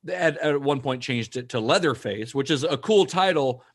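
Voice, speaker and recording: A male podcast co-host in a casual chat. He retells history steadily, slipping in dry asides. His voice sits at an ordinary middle pitch. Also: animated, moderate pace, husky.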